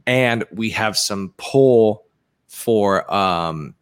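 An English man with a fairly low, smooth voice and drawn-out words chats casually on a podcast as a guest musician. He's animated, joking and swearing as he tells stories.

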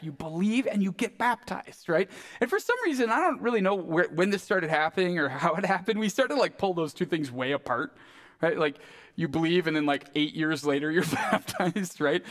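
A male pastor preaching a sermon in a casual, conversational way, often asking "right?". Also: high voice.

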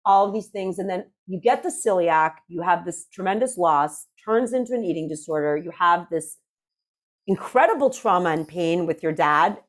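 A woman hosting a podcast interview, effusive and encouraging, her voice dropping low and soft on heavy topics. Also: lively intonation, normal speed. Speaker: podcast host. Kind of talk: emotional interview conversation.

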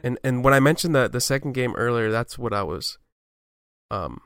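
Podcast co-host, male, smooth resonant voice, thoughtful casual analysis, dry sound. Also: mid-range voice, moderate pace, fairly bright tone, no room sound. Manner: thoughtful, hedging, many restarts.

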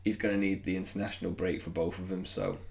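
Gravelly man chatting loosely. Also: sits low, steady tone, fast talker, darkish tone. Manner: rambling, self-mocking, laughs often. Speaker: podcast co-host. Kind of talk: casual chat.

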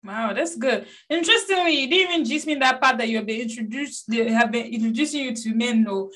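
Bright, lively woman podcast co-host. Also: on the high side. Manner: lively, chatty, quick to tease. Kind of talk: casual chat.

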